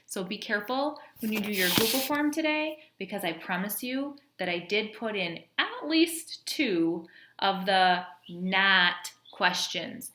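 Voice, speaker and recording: Bright-voiced woman teaching fractions. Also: medium pitch. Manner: patient, counts aloud slowly, addresses students. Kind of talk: classroom math lesson video. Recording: echoey room.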